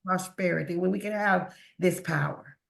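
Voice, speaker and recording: A woman's voice: lowish voice, normal speed, gravelly, reverberant. A woman guest on a podcast who speaks earnestly about faith and often repeats words when she is moved. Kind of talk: emotional interview talk.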